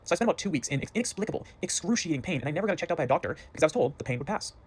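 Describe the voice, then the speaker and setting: A man's voice: fairly high pitch, animated, very fast, breathy edge. A man telling a personal story in a dry, self-deprecating way. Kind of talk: storytelling monologue.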